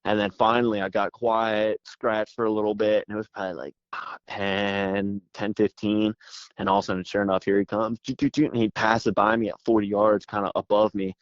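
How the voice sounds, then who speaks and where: Pumped-up guy rambling a story over the phone, kinda low voice, dry muffled line. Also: no room sound. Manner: excited, rapid rambling, constant "dude". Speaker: podcast guest. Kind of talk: animated storytelling. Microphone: phone call.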